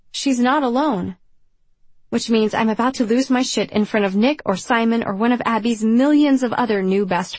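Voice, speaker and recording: A young woman narrating a first-person audiobook in a wry, confessional, self-deprecating way, with a husky voice. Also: medium pitch, no echo.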